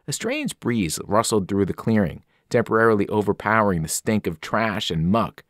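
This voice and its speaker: Male teacher narrating a chapter book; animated pitch, dry close sound. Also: moderate pace, hardly any pauses, no room sound. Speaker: teacher reading aloud. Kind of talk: audiobook narration.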